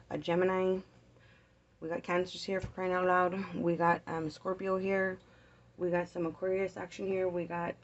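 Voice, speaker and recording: A woman giving a casual tarot reading, blunt and worked up, swearing freely as she turns the cards. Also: fairly low pitch. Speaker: tarot reader. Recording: dull lo-fi sound with faint noise.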